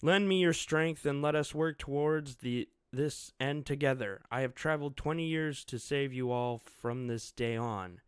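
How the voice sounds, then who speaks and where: A man's voice: medium pitch, measured pace, hardly any pauses, smooth, no echo, pitched above the performer's own voice, natural voice. A man voicing a proud young male shogun who declaims formally and solemnly, in a dry, close recording. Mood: rousing.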